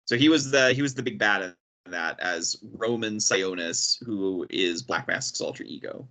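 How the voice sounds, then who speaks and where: Bright-voiced man explaining comic lore. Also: fairly low pitch. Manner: explains comic lore, quick, stammering restarts. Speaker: podcast host. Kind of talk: casual chat.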